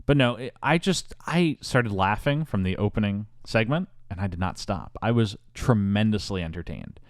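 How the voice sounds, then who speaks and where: A man hosting a podcast, telling a story in a mock-grandiose, animated way in casual chat. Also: lowish voice, moderate pace, no room sound, clean studio sound. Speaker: podcast host.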